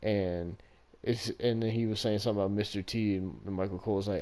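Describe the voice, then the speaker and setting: A man with a low, mellow voice chats loosely about a wrestling show on a podcast. He rambles, swears freely and breaks into laughs. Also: fairly even intonation, fairly quick. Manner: rambling, profane, laughs often. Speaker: podcast co-host. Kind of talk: casual wrestling recap chat.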